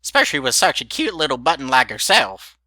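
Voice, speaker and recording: A man's voice: mid-range voice, wildly swooping pitch, fast talker, pushed and bright, no echo, clean studio sound, pitched above the performer's own voice, exaggerated voice. A man voicing a nosy, feisty elderly female pony with a teasing folksy drawl.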